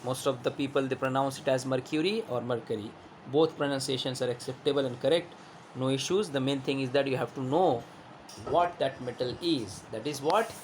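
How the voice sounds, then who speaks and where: A man's voice: mid-range voice, brisk, a little hiss or hum. A male teacher giving a classroom lesson, who repeats himself, asks rhetorical questions and shows objects while explaining.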